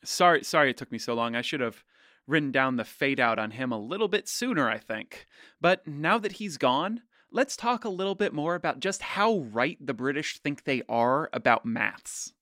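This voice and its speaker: A man hosting a podcast in scripted narration, loud and brash with a playful, teasing manner. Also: medium pitch, animated, normal speed, no room sound, studio quality. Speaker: podcast host.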